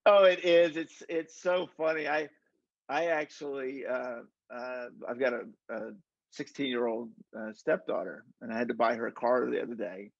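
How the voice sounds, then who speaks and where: A man's voice: mid-range voice, steady tone, normal speed, gravelly, no echo, lo-fi sound. A man hosting a podcast, chatting casually and rambling through his stories. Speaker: podcast host. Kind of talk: casual interview chat.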